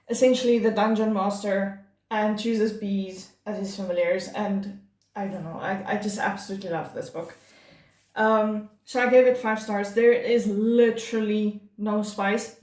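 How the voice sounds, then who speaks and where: A woman's voice: medium pitch, darkish tone. A woman talking casually to camera about her monthly reads, chatty and gushing, with lots of fillers and restarts. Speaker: book vlogger. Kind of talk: casual monthly reading wrap-up. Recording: echoey room.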